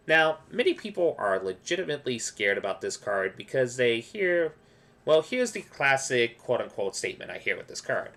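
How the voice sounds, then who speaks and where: A gaming video creator with a mid-range, slightly bright voice explains card game strategy tips at a moderate pace. He's very animated and rambling, restarting sentences and tossing in quoted asides as he gives casual gameplay commentary.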